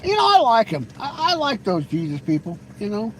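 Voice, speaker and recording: Hosting a live stream, this man talks a little fast in a high voice with huge pitch swings. He rambles and teases his viewers, frequently stumbling and restarting, over a low-quality recording with some background noise.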